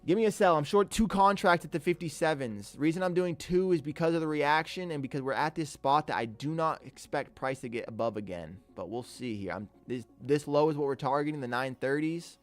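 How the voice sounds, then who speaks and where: A young man live-streaming his day trading, excitable and swearing often as he talks to his chat. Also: fairly high pitch, fairly quick, hardly any pauses. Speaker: livestreaming day trader. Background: faint music.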